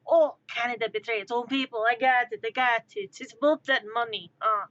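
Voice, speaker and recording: A woman's voice: a little high, steady tone, brisk, a bit bright, dull audio, close to an everyday voice. A woman voicing an indignant, melodramatic French Canadian man in a put-on French accent, theatrical and protesting.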